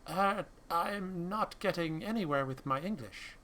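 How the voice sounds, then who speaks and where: A man voicing a polite, hesitant male Japanese scientist in a game read-through, speaking halting English. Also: high voice, expressive, a little hiss or hum, heavily acted. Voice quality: halting, soft-spoken, avoids a thick accent.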